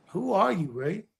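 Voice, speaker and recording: A man's voice: high-pitched, vocal fry, a bit bright, husky. A man co-hosting a casual podcast chat as a former wrestler, boastful and teasing as he talks over the others.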